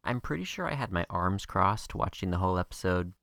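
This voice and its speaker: A woman co-hosting a podcast, chatting casually with a wry, skeptical edge. Her voice sits very low for a woman. The sound is dry and close, with no room to it. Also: lively intonation, vocal fry, fairly bright tone, no echo. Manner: wry, skeptical, fast recaps. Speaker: podcast co-host. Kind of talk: casual chat.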